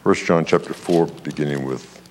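A man's voice: a bass voice, normal speed, long reverb tail, slight background noise. A man preaching a sermon as pastor, telling a story and calling for amens from the congregation. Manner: preaching with call-and-response amens, animated storytelling.

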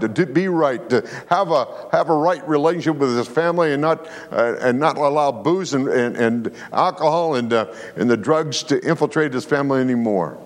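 In a large hall, a pastor with a higher-leaning voice preaches a sermon, telling a story with animation and calling for amens from the congregation in call-and-response.

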